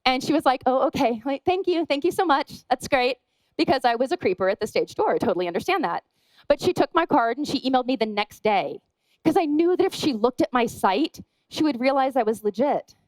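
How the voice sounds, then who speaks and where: Woman speaker, fairly high voice, chatty and self-mocking conference talk, dry close sound. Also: animated, fast, darkish tone, dry recording, rough recording. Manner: chatty and self-deprecating, acts out dialogue. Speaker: wedding photographer giving a talk.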